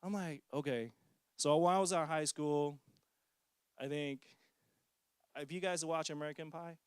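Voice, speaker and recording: A man's voice: a little high, fairly even intonation, normal speed, clean tone, no echo, studio quality. A man in his forties giving a casual personal testimony as a parent, joking and poking fun at himself. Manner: casual, joking, self-mocking storyteller.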